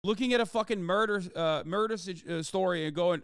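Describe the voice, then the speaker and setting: A male streamer rants with heat and plenty of swearing into a close, dry mic. His voice sits fairly high for a man and comes through smooth and clear. He talks with no room echo at all. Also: a little fast, few pauses. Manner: heated, profane ranting. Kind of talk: livestream commentary.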